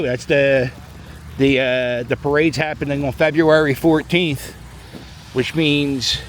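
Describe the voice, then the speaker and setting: A middle-aged man chats into a handheld camera as he walks a snowy city plaza. His voice sits mid-pitch but bounces around a lot as he jokes and rambles off on asides. Street ambience and a faint hiss stay behind him. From Philadelphia. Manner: chatty, joking, rambling asides. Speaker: vlogger. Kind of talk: casual walking vlog commentary.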